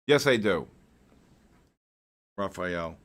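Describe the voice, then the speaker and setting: A man hosting a live trading stream, excitable and joking as he calls out market moves to his viewers. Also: deep voice, extremely slow. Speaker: host of a live trading session.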